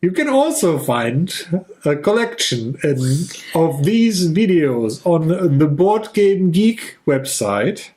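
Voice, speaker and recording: Man, fairly high voice, goofy rambling podcast co-host. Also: sing-song, slow, darkish tone. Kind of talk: casual chat.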